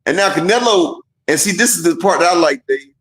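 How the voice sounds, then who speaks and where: A man co-hosting a casual boxing live stream, telling fight stories in an animated, profane way and acting out what the fighters might have said. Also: on the high side, fairly quick, roomy sound, rough recording. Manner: animated, profane storytelling with acted-out quotes. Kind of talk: casual chat.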